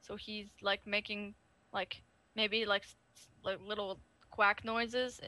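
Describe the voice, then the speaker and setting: Bright chatty woman player. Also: mid-range voice, flat delivery, slow, no room sound. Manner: chatty, lots of "like". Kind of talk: casual game chat.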